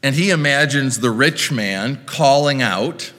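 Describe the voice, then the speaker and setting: A male preacher delivers a sermon at an unhurried pace, measured and reflective, with wry asides. His pitch moves freely up and down. The voice carries a long reverb, as if in a church. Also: expressive, pushed and bright.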